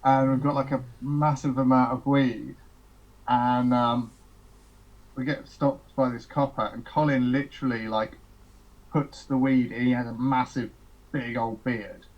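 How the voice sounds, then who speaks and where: A man's voice: mid-range voice, flat delivery, a little slow, highs cut off. A man, a touring musician, telling rambling road anecdotes on a podcast, laughing and quoting people as he goes. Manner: rambling, laughs through anecdotes, quotes others. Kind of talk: casual podcast storytelling.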